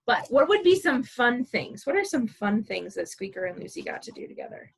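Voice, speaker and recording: A woman librarian reading a picture book aloud to preschoolers, animated and playful, asking the children questions as she goes. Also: a little high, fairly quick, vocal fry, few pauses, slightly rough, poor audio.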